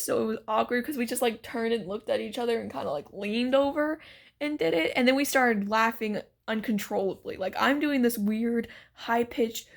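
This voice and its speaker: A woman's voice: a little high, gravelly. A woman telling a story to her vlog in a chatty, giggly way, full of "like" and "so basically," while she is sick. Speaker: vlogger.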